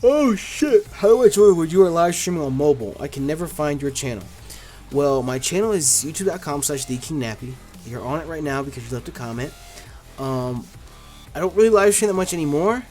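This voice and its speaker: A man's voice: on the high side, animated, a little fast, a little mellow, soft background music. A man hosting a casual gaming channel, answering viewer questions in a laid-back, blunt way with lots of fillers. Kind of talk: casual Q&A chat.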